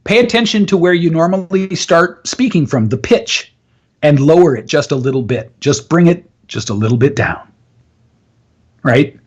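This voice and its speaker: A man's voice: a little high, lively intonation, normal speed, slightly rough. Emphatic man coaching on public speaking. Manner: emphatic, explains with instructive asides. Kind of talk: casual live interview.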